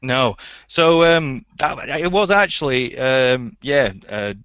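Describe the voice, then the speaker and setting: A man's voice: medium pitch, animated, takes it slowly, fairly bright tone, smooth, no room sound. A man hosting a casual online interview show, rambling, giggling and stumbling over his words. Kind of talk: casual chat. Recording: dull, dry lo-fi audio.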